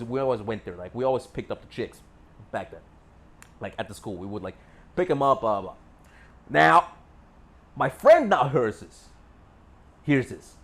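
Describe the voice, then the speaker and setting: A young man telling a story casually, boastful and full of swearing, rambling with fillers. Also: mid-range voice. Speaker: vlogger.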